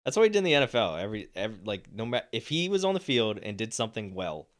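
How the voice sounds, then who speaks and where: With a lowish, sing-song voice, this young man talks rapid-fire as he co-hosts a sports podcast. He goes over games in a loose, rambling way, full of fillers and restarts.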